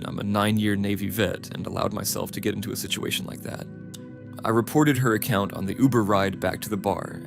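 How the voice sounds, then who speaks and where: A man reading first-person stories aloud as scripted narration, in a steady, flat reading manner. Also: fairly low pitch, vocal fry. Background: music.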